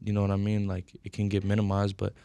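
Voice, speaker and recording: A man's voice: fairly low pitch, completely flat delivery, fast talker, vocal fry, dark tone, clean tone, dry recording. A young man in his twenties answering interview questions thoughtfully and earnestly, with many fillers. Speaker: rapper, interview guest. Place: radio studio.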